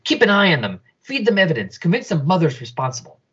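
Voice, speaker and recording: A man's voice: a little high, big pitch swings, quick pace, fairly bright tone, slightly rough, pitched above the performer's own voice, full character voice. A man voicing a ruthless, scheming male chief who gives commands pompously, on a dull lo-fi recording.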